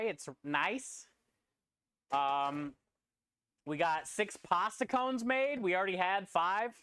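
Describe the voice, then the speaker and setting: A man's voice: on the high side, a bit bright, smooth, dry recording, clean studio sound. A man chatting casually on a live stream while he preps food in a food truck kitchen, rambling and answering chat. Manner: rambling, talks through prep and reads chat.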